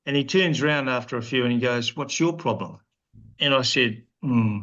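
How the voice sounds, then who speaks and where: Over dull lo-fi podcast audio, this sixty-something New Zealander and ex-cricketer spins wry, rambling anecdotes as an interview guest, frequently starting over. His medium-pitched voice stays steady, brisk and a bit bright.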